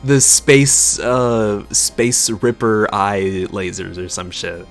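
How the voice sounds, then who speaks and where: A man's voice: lowish voice, flat delivery, slow pace, faint music behind. A man streaming a game, cracking jokes and profane asides between voicing characters. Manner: joking, laughing, profane asides. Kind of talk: live-stream chat and voice acting.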